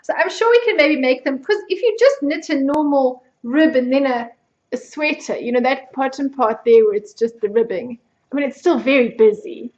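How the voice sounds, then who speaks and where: A woman's voice: high-pitched, lively intonation, moderate pace, darkish tone, echoey room, muffled recording. A South African woman hosting a podcast, chatting casually and mocking herself with frequent laughter. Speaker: podcast host. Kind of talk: casual chat.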